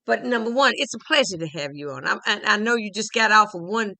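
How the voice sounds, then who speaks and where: A woman hosting an interview, chatty and quick to affirm her guest. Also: mid-range voice, animated, sharp tone. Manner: chatty, affirming with okay and right. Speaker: interview host. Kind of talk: conversational interview.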